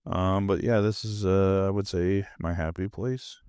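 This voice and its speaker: Half-asleep guy rambling on his podcast at home, real low voice, laid-back and meandering. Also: steady tone, unhurried, a little mellow, clear, resonant tone, dry recording, studio quality. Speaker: podcast host. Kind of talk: casual rambling monologue. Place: home movie room.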